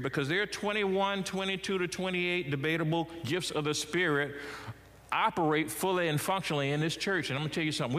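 Preaching man in a reverberant church. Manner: preaching with wide swings in pitch and loudness. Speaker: pastor. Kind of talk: sermon. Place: church sanctuary. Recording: church hall with long reverb.

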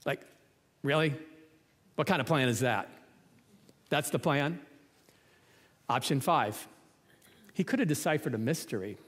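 A man's voice: medium pitch, expressive, unhurried, long pauses, fairly bright tone, in a large hall. A man preaching a sermon in a conversational, humorous way, full of rhetorical questions.

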